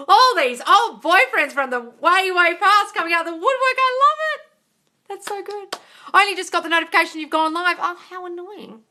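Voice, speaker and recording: Here a manifestation coach hosts a live-stream Q&A, reading comments from viewers and answering them bubbly, with lots of squeals and laughter. Her voice is very high-pitched, pushed, and bright.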